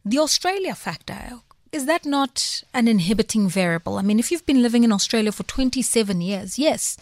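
A woman hosting a current-affairs radio interview, asking measured, probing questions with frequent fillers. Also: a little high, animated, no echo.

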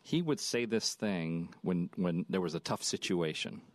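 A man with a very deep voice tells a story as a talk-show guest. He speaks in a measured, deliberate way. The sound is dry and close. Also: animated, no echo. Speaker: radio station manager.

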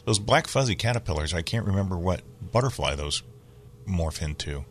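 A man hosting a call-in garden radio show, giving relaxed, practical advice to callers. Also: sits low, brisk. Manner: relaxed, informative, takes calls.

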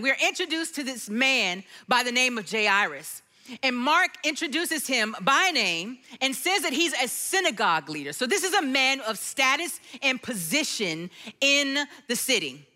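Woman in her forties, preacher, high lively voice, bright and forceful. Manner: animated storytelling, chuckling. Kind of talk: sermon with personal story.

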